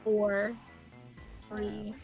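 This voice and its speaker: A woman's voice: mid-range voice, completely flat delivery, extremely slow, lo-fi sound, over music. A woman streaming a game, giggly, reading character lines aloud.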